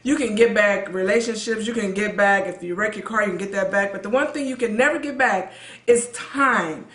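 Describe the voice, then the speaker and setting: A woman's voice: mid-range voice, a little fast, a bit bright. A woman, a pastor's wife and co-host, chatting earnestly about marriage and telling personal stories, often repeating words as she talks. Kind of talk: conversational storytelling. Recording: echoey room.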